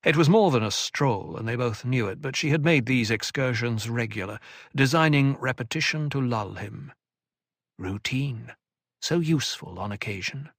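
A man reading an audiobook with scripted narration, in an even, deliberate way. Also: mid-range voice, vocal fry, dry recording, clean studio sound.

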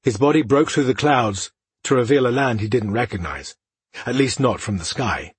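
A man reading fantasy narration for an audiobook, in an even, steady way. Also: mid-range voice, moderate pace, slightly rough, no echo.

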